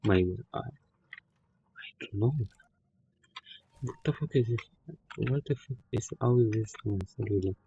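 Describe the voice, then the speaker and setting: A man gives slow, unhurried commentary over a game he is playing. His voice is gravelly and husky, with a darker tone, and he swears freely. The recording is dull and lo-fi. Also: fairly low pitch, mellow. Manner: swears a lot, non-native phrasing. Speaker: gamer. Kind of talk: casual gameplay commentary.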